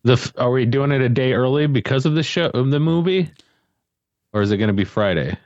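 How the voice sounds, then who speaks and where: A man's voice: mid-range voice, a little fast, darkish tone, no echo, highs cut off. A man co-hosting a casual podcast, mostly chiming in with short agreeing replies. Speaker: podcast co-host.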